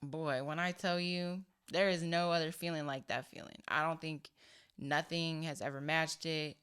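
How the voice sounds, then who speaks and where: A woman's voice: low-pitched, moderate pace, clean tone. A young woman hosting a podcast, telling a story with lots of acted-out quotes and laughter. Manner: animated storyteller, acts out quotes, laughs a lot. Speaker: podcast host. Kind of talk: casual chat, storytelling.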